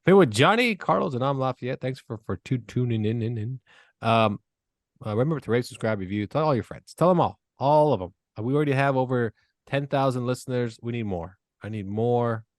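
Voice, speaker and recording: A man's voice: mid-range voice, lively intonation, a little fast, dry recording, studio quality. A man hosting a comedy podcast, brash and teasing, cracking crude jokes in loose banter. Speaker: podcast host.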